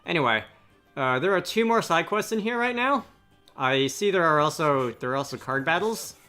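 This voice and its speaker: A man's voice: fairly high pitch, expressive, moderate pace, pushed and bright, soft background music. A man giving casual, rambling gameplay commentary as a let's play host, often correcting himself mid-sentence.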